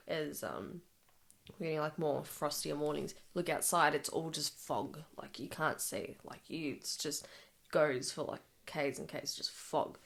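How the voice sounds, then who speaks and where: A young adult Australian woman hosting a casual podcast chat, telling stories in an animated, chatty way with frequent laughter. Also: deep voice, gravelly. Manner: animated, chatty storyteller who laughs often.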